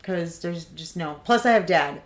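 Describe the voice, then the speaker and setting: Middle aged mom on a podcast, lowish voice, calm and low-key. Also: female voice, unhurried. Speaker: podcast co-host, mother. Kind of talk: casual chat.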